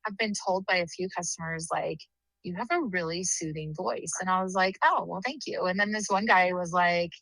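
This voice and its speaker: A woman's voice: lowish voice, steady tone, normal speed, a bit bright, dry recording, low-quality recording. Woman in her 30s rambling thru stories on a podcast, laughs a lot, dry close sound. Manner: chatty, laughs often, rambling storyteller. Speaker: podcast co-host, sister. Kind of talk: casual chat.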